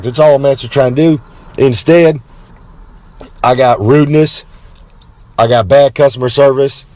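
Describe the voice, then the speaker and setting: A brash man with a drawl spins a rambling comic tale. He swaggers through it with boastful asides and drawn-out dramatic pauses, talking about himself in the third person. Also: mid-range voice, darkish tone, a little hiss or hum. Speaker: wrestler telling a story. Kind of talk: rambling comic storytelling monologue.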